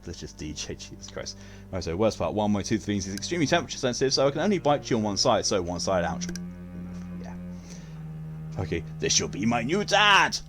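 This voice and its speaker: With music in the background, a man with a lowish, sing-song voice talks fairly quickly to viewers during a gaming stream. The chat is casual, jokey and profane, punctuated by plenty of laughter.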